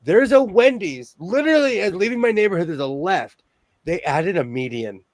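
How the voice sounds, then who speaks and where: A man's voice: high-pitched, very animated, moderate pace, no room sound. A man in his forties from California, hosting a rambling casual chat over a video call. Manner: rambling, chatty storyteller.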